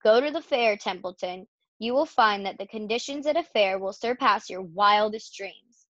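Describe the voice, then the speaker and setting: A wise old sheep talks slowly and temptingly, dwelling on each item, as a woman voices her in a storybook. The recording is dull and dry. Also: medium pitch, a bit bright, dry recording, close to an everyday voice. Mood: persuasive. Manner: lingering over long lists.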